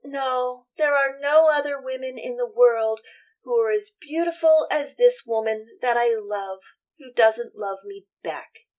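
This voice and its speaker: A woman's voice: a little high, unhurried, a little mellow, natural voice. A woman voicing Romeo as a whining, lovesick teenage boy, drawing out her sighs in a classroom retelling.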